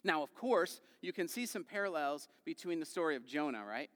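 A man's voice: a little high, animated, a little fast. Man preaching in a reverberant hall. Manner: conversational, asks the congregation questions; acts out quoted voices with swings in loudness. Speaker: pastor. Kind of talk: sermon.

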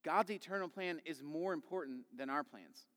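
Conversational preacher in a reverberant hall. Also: male voice, a little high, moderate pace, fairly bright tone. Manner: conversational, emphatic, with tag questions. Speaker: pastor. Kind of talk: sermon.

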